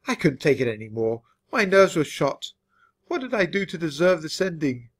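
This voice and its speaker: A man reading a children's story aloud in an expressive, measured way for English learners. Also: fairly high pitch, slightly rough. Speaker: storybook reader.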